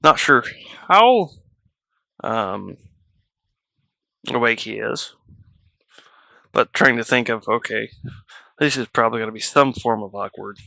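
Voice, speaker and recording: Male live streamer, casual and wry, slow delivery, bright voice. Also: mid-range voice, lively intonation, gravelly, dry recording. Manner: slow, wry, laughs between remarks. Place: home room at night.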